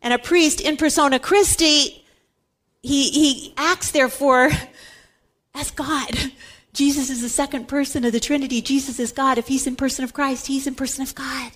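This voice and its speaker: A woman with a high voice teaches scripture in an emphatic talk. She stresses her points by repeating key words over and over, like a Catholic Bible teacher. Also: fairly even intonation, normal speed, fairly bright tone.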